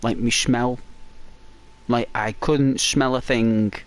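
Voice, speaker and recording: A man chatting casually during a break in his game stream, his throat dry and croaky, rambling and peppering his talk with "like". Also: mid-range voice, fairly even intonation, takes it slowly. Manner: rambling, full of "like".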